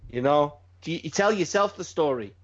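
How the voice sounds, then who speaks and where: A man's voice: fairly high pitch, animated, normal speed. A man in casual podcast chat, swearing and repeating himself for emphasis. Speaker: podcast host. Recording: dull lo-fi sound.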